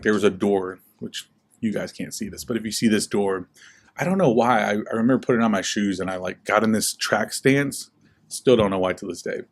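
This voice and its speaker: A young man with a slightly low voice tells his life story in a casual school interview. He is relaxed and chatty, leans on "like" a lot, and acts out the people he quotes. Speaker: guest speaker.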